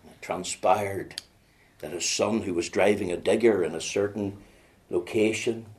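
A man's voice: sits low, steady tone, measured pace. Impassioned preacher man. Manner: impassioned, swinging from hushed storytelling to loud pleading. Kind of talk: sermon.

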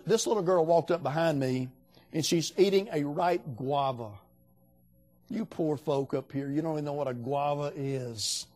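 A man's voice: a little high, a little mellow. An older man preaching a sermon in a folksy, storytelling way, acting out the voices of the people he quotes.

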